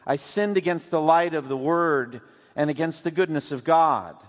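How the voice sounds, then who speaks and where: A man voicing a despairing man shut in an iron cage, who laments slowly in a high voice. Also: lightly acted. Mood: anguished lament. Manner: slow, wailing lament. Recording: long hall reverb.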